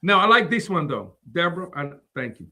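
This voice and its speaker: A man's voice: fairly high pitch, sing-song, brisk, sharp tone. A man co-hosting a casual faith talk show, laughing often and teasing the others. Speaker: co-host. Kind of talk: casual chat.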